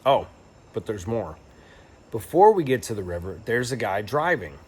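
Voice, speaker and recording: A man's voice: lowish voice, sing-song, moderate pace, a little mellow, husky. A young man telling a travel story in a casual, rambling and reflective way, with lots of fillers and restarts. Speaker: travel vlogger.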